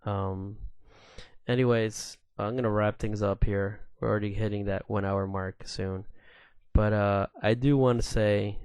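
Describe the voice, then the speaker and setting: A man in his thirties tells stories on his own podcast in a low, unhurried voice. He talks loosely and swears freely, stopping often on fillers. The sound is dry and close to the mic. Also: fairly even intonation, a little mellow, smooth, no echo. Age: 30s. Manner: loose and profane, with many fillers. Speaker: podcast host. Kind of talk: casual solo storytelling rant.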